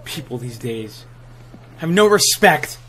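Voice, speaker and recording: A young man giving excitable, trash-talking live commentary over his own gameplay, full of gamer slang. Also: mid-range voice, slow pace, slight background noise. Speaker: gaming channel host.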